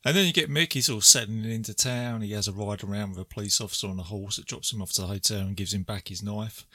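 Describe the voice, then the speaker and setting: Man, bright voice, dry close sound, chatty movie recap, quotes lines and laughs. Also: lowish voice, no room sound. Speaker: podcast co-host. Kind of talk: casual movie recap chat.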